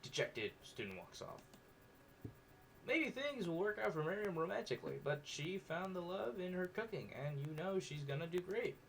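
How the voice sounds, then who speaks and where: Gaming creator, man, lively pitch, playful reactive reads. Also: moderate pace, a little hiss or hum. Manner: animated, joking reactions; reads narration aloud. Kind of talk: reading and reacting to a dating sim.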